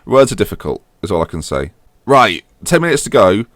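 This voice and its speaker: A young man commentating while playing a football manager game, swinging from muttered grumbles to yelling when a goal goes in. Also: lowish voice, very animated, brisk, dry recording, clean studio sound. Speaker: gaming YouTuber.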